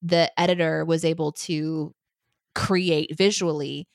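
Woman co-host, thirties, chatty and quick to laugh, slightly low voice, dry close sound. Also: steady tone, creaky, no room sound. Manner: chatty, laughs often, many fillers. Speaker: podcast co-host, writer. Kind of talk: casual chat.

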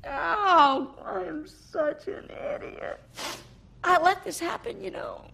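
A woman's voice: very high voice, slow, creaky, bright, forceful tone, slight background noise, heavily acted. A woman voicing a distraught superhero mother, crying and blaming herself in a film clip. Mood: tearful. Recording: film clip with faint ambience.

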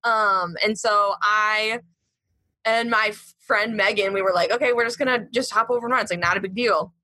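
A woman guest on a comedy podcast telling a story in a casual, chatty way, full of "like" and "um", with an animated retelling. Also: mid-range voice, normal speed, no room sound. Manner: chatty, heavy with "like" and "um".

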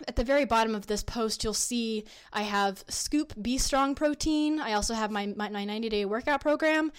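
Woman, podcast host, rambling upbeat chat, smooth clear voice, friendly sales talk. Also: moderate pace. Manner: chatty, rambling with fillers and restarts; upbeat sales pitch for her products. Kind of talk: casual solo podcast talk.

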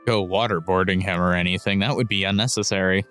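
A man's voice: low-pitched, steady tone, fast talker, fairly bright tone, soft background music. A man in casual tabletop role-play, level-headed and keeping the group on task. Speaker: player.

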